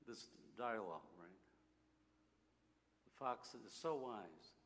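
Slow, reflective male preacher. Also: on the low side, expressive, fairly bright tone. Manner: reflective, halting, repeats words. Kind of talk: sermon. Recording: long hall reverb.

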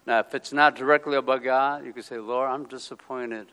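A man preaching a sermon in a conversational way, often checking in with "okay?" and acting out the voices of people he quotes, swinging between quiet and loud. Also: medium pitch, fairly even intonation, fairly quick, clear, resonant tone, poor audio. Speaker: pastor.

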